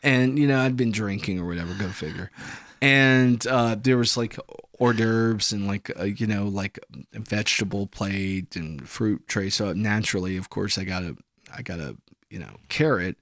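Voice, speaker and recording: A man's voice: lowish voice, moderate pace, fairly bright tone, no room sound, studio quality. A man co-hosting a podcast, telling a rambling, profane story in casual chat. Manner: rambling, profane, acts out quoted voices. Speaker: podcast co-host.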